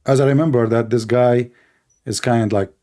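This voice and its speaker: A man's voice: mid-range voice, fairly even intonation, normal speed, dark tone. A man giving mocking, exasperated commentary, sarcastic and laughing. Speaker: religious debate commentator.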